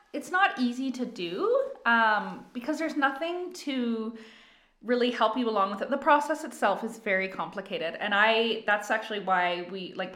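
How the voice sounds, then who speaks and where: A woman co-hosting a casual podcast, a small business owner who explains things in an easygoing, measured way. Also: on the high side, bright, forceful tone. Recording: echoey room.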